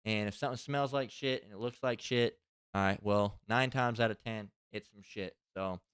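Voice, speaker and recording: Smooth-voiced man giving a rambling religious lesson. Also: on the low side, normal speed, fairly bright tone, no room sound, studio quality. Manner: rambling, profane, conversational. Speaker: religious teacher. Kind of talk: casual spoken scripture lesson.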